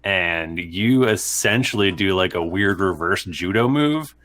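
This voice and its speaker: A man running a tabletop game as game master, narrating with many pauses and fillers. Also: low-pitched, lively intonation, fairly bright tone.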